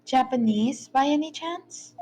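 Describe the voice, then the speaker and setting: Brief: woman doing a courteous young assistant, slow and fairly high, faint music. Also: a little mellow. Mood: polite. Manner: formal, measured, courteous. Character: polite young female legal assistant.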